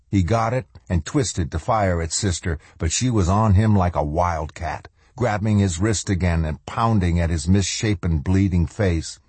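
A man with a low, husky voice narrates an audiobook in a measured, dramatic way, easing his pace when the story grows tense. His tone is dark and mellow, and the recording is close and dry. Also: no echo. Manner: measured, slows for dramatic moments and voices the characters' lines.

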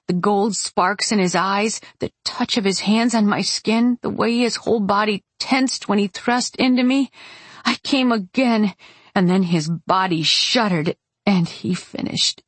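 A woman's voice: mid-range voice, breathy edge, no echo. A woman narrating a first-person audiobook in a wry, matter-of-fact way on a close studio mic.

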